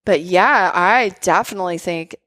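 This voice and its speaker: Woman, doctor guest, animated talker, dry close-mic podcast sound. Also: lowish voice, normal speed, no echo. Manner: animated storyteller, many "like" fillers. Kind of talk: casual chat.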